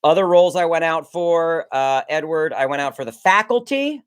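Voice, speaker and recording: A man's voice: on the high side, expressive, moderate pace, smooth. A man in his forties from Maryland, telling rambling stories in casual chat and correcting himself as he goes. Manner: rambling, self-correcting storyteller. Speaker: host, director and former child actor.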